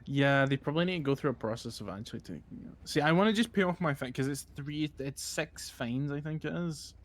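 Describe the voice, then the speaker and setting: A man's voice: a little high, animated, a little fast. A man chatting in character during a roleplay game, rambling through stories with frequent laughter and swearing. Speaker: streamer playing a roleplay character. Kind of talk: casual in-character roleplay chat.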